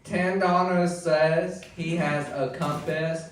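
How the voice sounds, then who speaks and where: A man hosting an open mic, easygoing and unhurried as he reads out comments and introduces acts. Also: on the high side, fairly even intonation, slight background noise. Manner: slow, easygoing. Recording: echoey room from far off.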